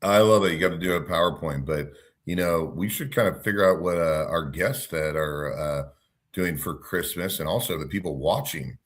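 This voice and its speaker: A man's voice: deep voice, moderate pace, fairly bright tone. A man co-hosting a casual chat show, upbeat and rambling. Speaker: co-host.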